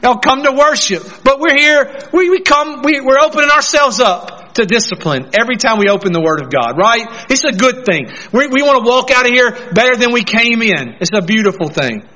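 A pastor preaching a sermon, earnestly putting questions straight to the congregation. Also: male voice, very high voice, animated, fairly quick, hardly any pauses, sharp tone, dull audio.

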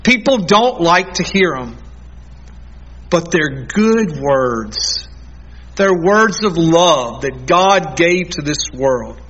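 Male pastor, high bright voice, emphatic sermon delivery, muffled lo-fi recording. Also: a little hiss or hum. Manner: earnest, emphatic preaching with dramatic slowdowns.

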